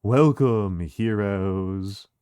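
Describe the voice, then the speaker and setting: A man doing a gentle, courteous young prince. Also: on the low side, very slow, clean tone, no echo, studio quality. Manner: soft, courteous, formal.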